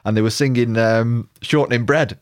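A man's voice: medium pitch, steady tone, moderate pace. A man co-hosting a casual music podcast, recounting anecdotes and reading passages aloud. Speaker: podcast co-host. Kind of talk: casual chat about music history.

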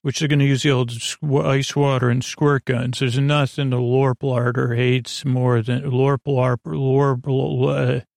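Gravelly, rambling man retelling an episode. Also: mid-range voice, level tone, a little mellow, no echo. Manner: meandering, halting, with many fillers and self-corrections; dry, offhand humor. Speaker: podcast host. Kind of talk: rambling bedtime episode recap.

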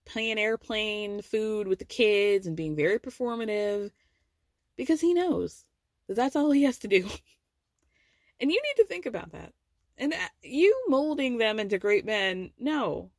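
A woman's voice: on the high side, dry recording. Sassy woman with a dry close sound. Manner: sassy, animated, swears freely and laughs often. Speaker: podcast host. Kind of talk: casual pop culture recap.

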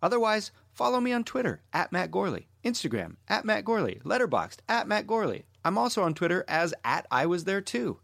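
Male podcast host, playful, fairly high voice, dry close sound. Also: very animated, fairly quick, creaky, few pauses, fairly bright tone, no room sound. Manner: playful, geeky. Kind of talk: casual podcast chat and sign-off.

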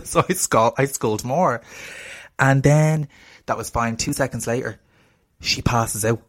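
A man with an Irish accent, co-hosting a casual chat and telling an animated story, swearing freely and laughing often. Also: medium pitch, normal speed. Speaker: podcast co-host.

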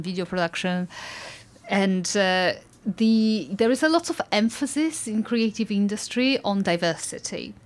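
A woman from Eastern Europe hosting an interview, talking thoughtfully with many pauses, fillers and restarts. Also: mid-range voice. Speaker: podcast host. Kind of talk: conversational interview.

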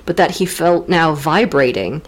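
Recapping a novel on a casual literature podcast, this female co-host mixes in playful, teasing jokes. Her voice is deep and husky, and she speaks at a measured pace.

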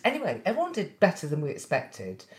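Woman, low voice, rambly self-mocking chat, roomy echo. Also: wildly swooping pitch, fast, a little mellow. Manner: self-deprecating, rambling storyteller. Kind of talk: casual chat.

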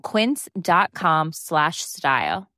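Female ad read, upbeat, low-ish voice, dry recording. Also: sing-song, extremely slow, pushed and bright, no echo. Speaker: ad reader. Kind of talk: read podcast ad.

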